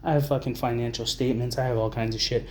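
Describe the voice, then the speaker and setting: A man's voice: medium pitch, little pitch movement, quick pace, darkish tone, slight background noise. A man delivering a profane, blunt, rambling to-camera rant as an advocate for homeless people. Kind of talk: ranting to-camera monologue.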